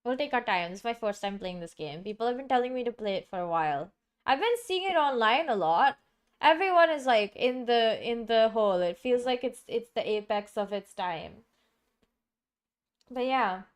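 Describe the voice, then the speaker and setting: A woman's voice: a little high, expressive, normal speed, clear, resonant tone. A woman streaming from home, chatting casually and rambling with many fillers and restarts. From Singapore. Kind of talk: casual live-stream chat.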